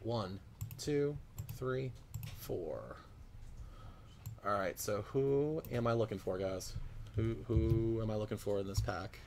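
Upbeat male host of a card break, low and gravelly. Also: slow pace, long pauses, darkish tone, slight background noise. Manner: upbeat, addresses viewers directly. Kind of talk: casual live commentary.

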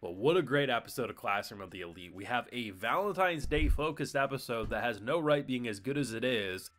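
Animated male reviewer acting out quotes. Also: mid-range voice, a little fast. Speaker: streamer and reviewer. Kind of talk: casual anime review chat.

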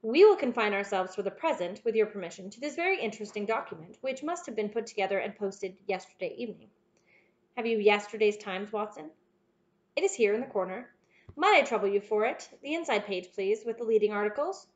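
A woman voicing a keen, confident male detective who explains things in a crisp, measured way. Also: mid-range voice, lively intonation, dull audio, lightly acted. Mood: assured.

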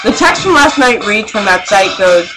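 A woman's voice: mid-range voice, very animated, moderate pace, poor audio. A young woman vlogging to a webcam, laughing and scolding her friends in the room. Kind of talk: casual chat to camera. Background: music playing.

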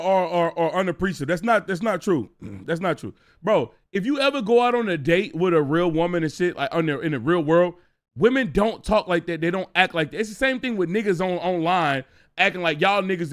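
Man, young adult, streamer, casual profane rant, higher voice, very animated pitch. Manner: animated, profane, ranting to chat. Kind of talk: casual live-stream chat.

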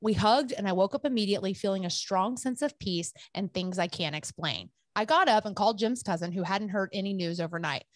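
A woman co-hosting a podcast, reading a listener's story aloud in an expressive, animated way. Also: mid-range voice, brisk, hardly any pauses, no echo. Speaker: podcast co-host.

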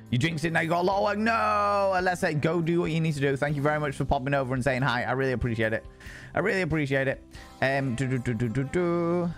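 A young man streaming live, chatting with viewers in a playful, sweary way and greeting them by name. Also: medium pitch. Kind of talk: casual live-stream chat.

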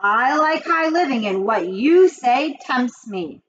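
A woman's voice: expressive, takes it slowly, a bit bright, a little hiss or hum, heavily acted. Woman doing a grumpy greedy rat guy, storybook, kinda muffled audio. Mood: eager. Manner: grumbling, then eager and shrill. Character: greedy grumbling male barn rat.

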